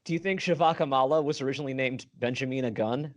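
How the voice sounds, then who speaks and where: A man's voice: medium pitch, fast. A man co-hosting a podcast about a book, chatting casually and playfully repeating words for comic effect. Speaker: podcast co-host. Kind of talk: casual book discussion chat.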